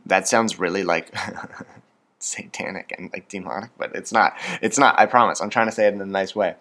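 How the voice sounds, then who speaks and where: A man's voice: low-pitched, normal speed, sharp tone. Rambling young Canadian man, chatty. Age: 20s. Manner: rambling, self-deprecating, chatty with many fillers. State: hyped up on coffee. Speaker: podcast host. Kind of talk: casual solo podcast monologue.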